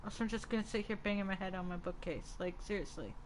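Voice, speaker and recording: A woman's voice: mid-range voice, fast, a little hiss or hum, low-quality recording. A woman chatting casually on a live stream at home, rambling and exasperated, talking in fits and restarts as she gets a tarot reading.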